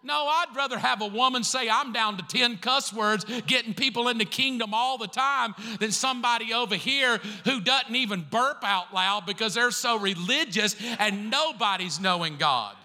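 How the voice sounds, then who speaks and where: A man's voice: very high voice, normal speed, hardly any pauses, pushed and bright. A man preaching a sermon as pastor, conversational and acting out the voices he quotes. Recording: long hall reverb.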